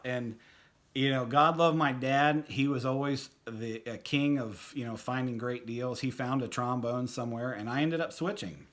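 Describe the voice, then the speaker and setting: Middle-aged man telling a halting personal story. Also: mid-range voice, fairly bright tone. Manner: halting, many fillers and restarts; fond, reminiscing. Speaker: storyteller at a tribute. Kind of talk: personal anecdote, casual.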